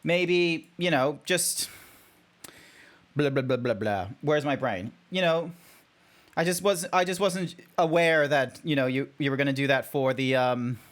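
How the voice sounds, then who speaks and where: An Australian man streaming as a VTuber, chatting casually and rambling with many fillers and restarts. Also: a little high. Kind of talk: casual livestream chat.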